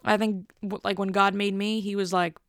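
A woman's voice: medium pitch, little pitch movement, normal speed, a bit bright, no room sound, studio quality. A woman in her twenties telling a rambling, self-deprecating story in a casual monologue. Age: 20s. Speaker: vlogger.

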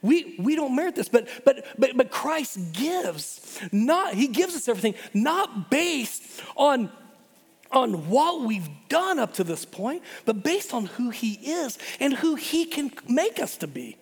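Man preaching, middle-aged, high voice, animated, stumbling restarts, long hall reverb. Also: unhurried, husky. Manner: animated, repeats words and restarts often. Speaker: pastor. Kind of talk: sermon. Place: church hall.

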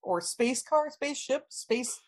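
Pitched high but with a darkish tone, her voice has lively intonation and a slightly slow pace. She's a podcast host casually summarizing a comic book story, laughing and using lots of filler words.

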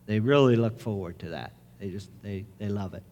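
A middle-aged man, a pastor, preaching a sermon in an earnest storytelling manner, rising to loud excitement as the story builds. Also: fairly low pitch, a little fast, muffled recording. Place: church sanctuary. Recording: reverberant church with music.

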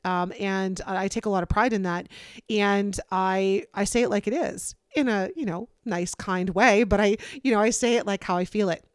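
A woman's voice: medium pitch, steady tone, moderate pace, clean tone, no echo, clean studio sound. A woman hosting a solo podcast, talking openly and without filter in a conversational way with frequent fillers. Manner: open, unfiltered, conversational with many fillers. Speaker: podcast host. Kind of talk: candid solo podcast monologue.

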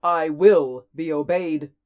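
A man voicing a stern, commanding warlord in armor in a story reading, speaking with booming authority. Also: takes it slowly, a little mellow, clean tone.

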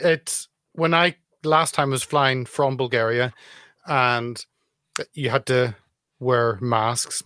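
A man in a casual conversation, explaining his view in a measured, reflective way. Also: medium pitch, a bit bright, dry recording, studio quality.

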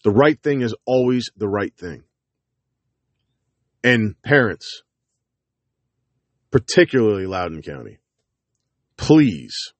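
A man speaking as a parent to his viewers in a heated monologue, blunt and profane, hammering short repeated phrases and dropping into low, gruff asides. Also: slow pace, pauses often, no room sound. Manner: alternates forceful jabs with low, gruff asides. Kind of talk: heated direct-to-camera monologue.

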